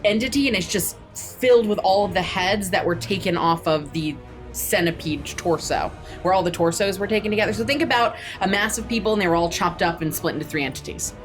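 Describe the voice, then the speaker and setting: A woman's voice: mid-range voice, faint music behind. A woman acting as dungeon master who narrates a tabletop horror game and drags out the grim details. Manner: slows down for grim descriptions.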